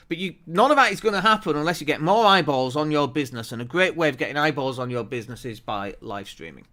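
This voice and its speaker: Energetic man, high bright voice. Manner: energetic, emphatic, talks with his hands. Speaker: host of a marketing show. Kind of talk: to-camera business talk. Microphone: camera on a desk.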